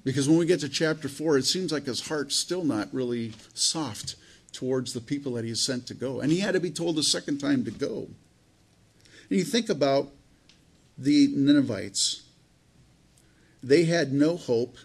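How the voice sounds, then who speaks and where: A man with a husky, slightly breathy voice preaching a sermon. He talks like he's chatting with the congregation, circling back and restarting his sentences. His pitch sits in an ordinary middle range. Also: moderate pace. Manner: conversational, rambling with restarts and fillers. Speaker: pastor.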